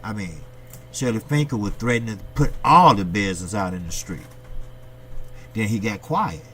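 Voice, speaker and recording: A man's voice: on the low side, moderate pace, a bit bright. A man from the United States hosting his boxing channel, giving a blunt, profane, opinionated monologue and firing rhetorical questions at his viewers. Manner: blunt, profane, ranting delivery.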